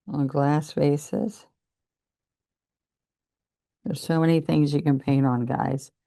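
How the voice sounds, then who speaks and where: Older woman painting instructor, mellow and gravelly, slow and even, chatty demo. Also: sits low. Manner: chatty, encouraging, talks while working. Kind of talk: relaxed painting demonstration.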